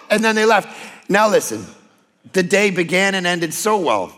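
A man preaching a sermon as pastor, telling lively personal stories and acting out quotes. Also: sits high, slow, vocal fry, long pauses, in a large hall. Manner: animated storytelling with acted-out quotes.

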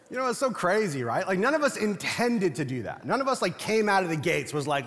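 A man's voice: high voice, big pitch swings, brisk, hardly any pauses, fairly bright tone, big-room sound. A young man preaching a sermon as pastor, talking in a loose, funny storytelling way. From Latino family. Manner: conversational, humorous storytelling preacher.

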